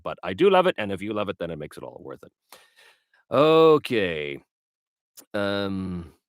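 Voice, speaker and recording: A man's voice: deep voice, no echo, clean studio sound. A man hosting a casual livestream, chatting and answering viewer questions with lots of fillers. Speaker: livestream host and game master. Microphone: webcam livestream setup.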